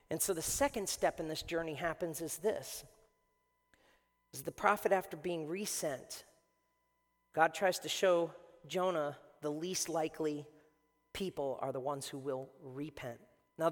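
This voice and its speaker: A male pastor with a notably high voice delivers a lively, conversational sermon, often restarting phrases for emphasis. His voice carries a long reverb from the large church hall.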